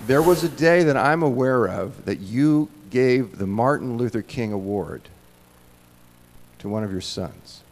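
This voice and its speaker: Older man, sixties, earnest halting interviewer, reverberant hall, mid-pitched. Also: expressive, a little hiss or hum. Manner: earnest, searching, halting phrasing. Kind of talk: onstage conversation.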